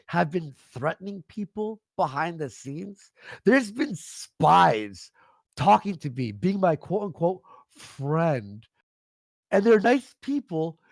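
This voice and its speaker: Furious, gravelly man ranting. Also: sits high, dry recording, clean studio sound. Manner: angry, profane, shouting insults. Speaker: livestream guest. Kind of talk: heated livestream rant.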